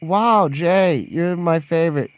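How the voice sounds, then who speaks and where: A man's voice: fairly high pitch, slow pace, clean tone, dry recording. A man in a casual livestream Q&A, rambling and chatty, laughing often and reacting to live chat messages. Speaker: vlogger answering viewer questions.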